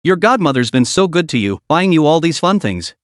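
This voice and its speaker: A man's voice: on the high side, very animated, fairly quick, no room sound, studio quality. A man voicing a playful, teasing godmother in an audio story, with a giggly, theatrical way of talking.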